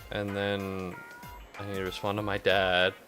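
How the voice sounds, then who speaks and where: A young man streaming a game in casual chat, ranting and swearing with loud exasperated outbursts. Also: sits low, monotone, measured pace, over music.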